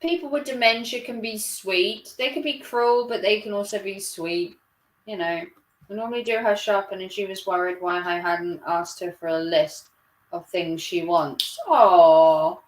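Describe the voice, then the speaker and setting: A woman's voice: mid-range voice, steady tone, normal speed. A woman chatting casually on a live stream, rambling and laughing often. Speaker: livestreamer. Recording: roomy echo.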